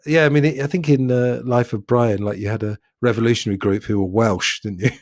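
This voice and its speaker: A man's voice: medium pitch, fairly even intonation, a little fast, a little mellow, no echo. Chatty Englishman from the south, dry. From southern England. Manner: chatty, thoughtful, laughs often. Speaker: podcast co-host. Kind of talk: casual film discussion.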